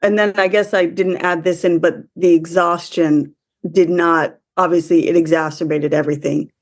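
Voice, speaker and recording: A woman from the US speaking as a podcast guest, emotional and halting, often restarting her sentences. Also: on the low side, level tone. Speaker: interview guest. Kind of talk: conversational interview.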